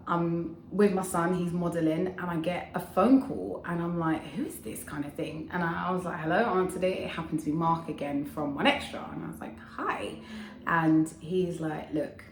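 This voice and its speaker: A woman, telling her story in a chatty, animated vlog as a radio DJ, swearing casually and making quick asides. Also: on the low side, slight background noise. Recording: echoey room.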